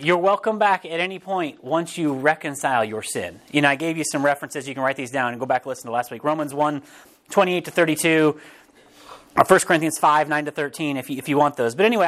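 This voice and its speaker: A man preaching a sermon as pastor, in a casual, animated way, often restarting phrases and briefly acting out quotes. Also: on the high side. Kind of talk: conversational sermon.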